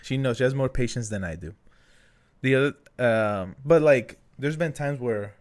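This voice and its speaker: A young man co-hosting a podcast in casual chat, telling stories and acting out quotes with sudden high jumps in his voice. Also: normal speed. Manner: animated storyteller, acts out quotes with big pitch jumps. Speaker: podcast co-host.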